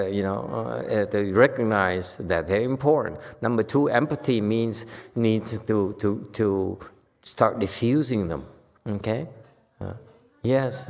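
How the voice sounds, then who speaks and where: A man giving a casual Buddhist talk to a group, with loud bursts when he acts out quoted lines. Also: medium pitch, vocal fry, in a large hall. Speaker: Buddhist teacher. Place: temple hall.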